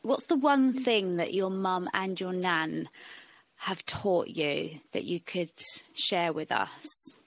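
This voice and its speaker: A woman hosts an interview podcast, encouraging her guest and affirming what she says before asking the next question. Her voice sits a little low, and the recording is dry and close. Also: slow, creaky, dry recording, low-quality recording. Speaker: podcast host.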